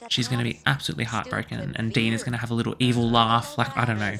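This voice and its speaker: Excitable young man, gravelly. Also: mid-range voice, racing. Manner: excitable, gossipy chatter. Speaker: let's play host. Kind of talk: gameplay commentary.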